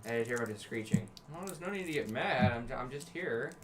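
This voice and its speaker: Casting: male tabletop player, playful banter, middle pitch, clear background noise. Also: animated, a little fast. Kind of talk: playing a tabletop game.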